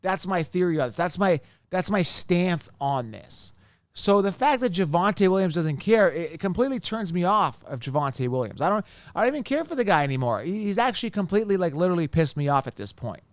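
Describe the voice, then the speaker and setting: A man's voice: high-pitched, sing-song, a little fast, no echo. A man hosting a fantasy football podcast, venting in an emphatic, heated solo rant and often tagging his points with "right?".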